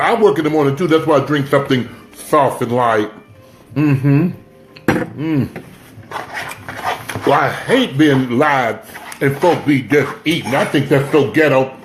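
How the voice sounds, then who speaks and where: High-voiced chatty man hosting a livestream. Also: noisy background. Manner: chatty, shouts out viewers, urges sharing. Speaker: livestream host. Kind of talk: casual livestream chat. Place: home, indoors.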